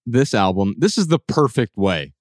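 A man's voice: medium pitch, very animated, normal speed, no echo, studio quality. A man hosting a podcast who talks in an upbeat, teasing way. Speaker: podcast host. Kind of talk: casual podcast chat.

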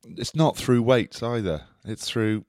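A man's voice: medium pitch, slow pace, darkish tone, dry recording, clean studio sound. A man co-hosting a podcast, rambling casually with many fillers. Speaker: podcast co-host. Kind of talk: casual chat.

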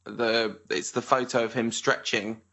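A man's voice: medium pitch, little pitch movement, a little slow, vocal fry, sharp tone. A man hosting a podcast interview, asking rambling, self-correcting questions, in a dull lo-fi recording. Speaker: podcast host. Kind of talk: casual interview conversation.

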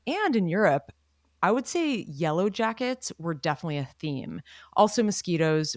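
A woman's voice: low voice, dry recording, clean studio sound. A woman co-hosting a casual podcast chat, sharing rambling anecdotes in an easygoing way. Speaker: podcast co-host.

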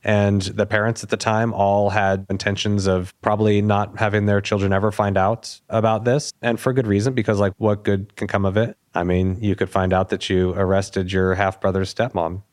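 A man, a police officer guest, telling an anecdote with animated delivery and acted-out dialogue. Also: fairly low pitch, moderate pace, few pauses. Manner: animated, acts out quoted dialogue. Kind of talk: storytelling anecdote.

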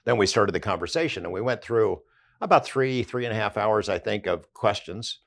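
Low gravelly older man telling a story. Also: lively intonation, moderate pace. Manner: conversational, recounting events with quoted dialogue. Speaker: investigative journalist guest. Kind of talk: storytelling in a podcast interview.

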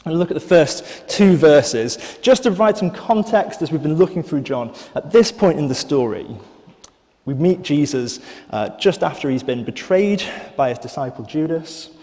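Male preacher, fairly high voice, dark mellow tone, measured sermon delivery in a church with long reverb. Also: animated. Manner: thoughtful, measured, with fillers and restarts.

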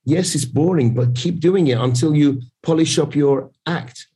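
A man's voice: on the high side, normal speed, warm tone, husky, low-quality recording. A middle-aged man, a sales coach interviewed as a guest, speaking bluntly and emphatically and repeating his key points. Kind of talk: casual interview talk.

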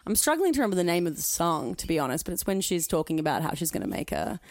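A woman's voice: on the low side, rapid-fire, no echo, clean studio sound. A woman guest from Australia, chatting expressively on a podcast. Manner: expressive, laughing, effusive. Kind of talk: casual chat.

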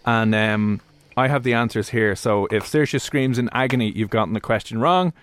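A man's voice: fairly low pitch, moderate pace, fairly bright tone, clear, resonant tone, no echo. A man hosting a radio quiz bit in a teasing, playful quizmaster manner. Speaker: radio host.

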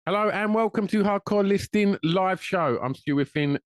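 A man's voice: high voice, moderate pace. A middle-aged man co-hosting a live podcast, joking and swearing freely in casual banter, with filler words along the way. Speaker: podcast co-host.

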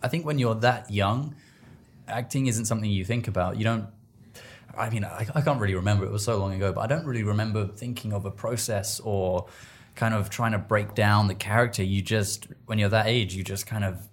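Young male actor, low-pitched, halting and good-natured interview talk. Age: young adult. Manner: hesitant, laughs often, many restarts. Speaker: actor guest. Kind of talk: casual interview.

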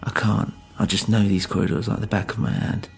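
Curt hushed stranger in the dark, a gravelly guy doing the voice in a spooky story. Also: lowish voice, little pitch movement, brisk, soft background music. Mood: urgent.

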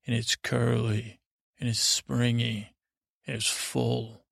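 Guy with a super gravelly voice droning a sleepy rambling story, really flat, lots of stops and restarts. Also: mid-range voice, no echo, studio quality. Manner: meandering, halting, drowsy monotone. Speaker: podcast host. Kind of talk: rambling bedtime story narration.

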